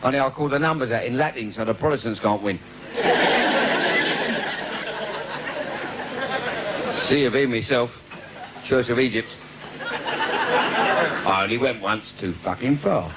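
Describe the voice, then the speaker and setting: A London-accented stand-up comedian performs a bawdy routine in a live theatre, bantering cheekily with the crowd and laughing at his own jokes. His medium-pitched voice is very animated but slow, with long pauses. The clip comes from a noisy 1980s live video.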